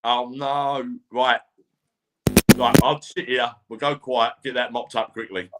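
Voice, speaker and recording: A man's voice: mid-range voice, fairly even intonation, a little slow, very noisy. A man appearing as the guest medium on a live online show, chatty and teasing, often stammering at the start of a sentence. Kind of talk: casual live-stream chat.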